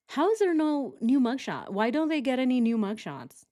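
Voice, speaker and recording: A woman's voice: a little high, sing-song, moderate pace, mellow. A young woman hosting a casual true crime stream, sarcastic and giggly, talking to her chat as she reacts. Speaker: true crime livestream host.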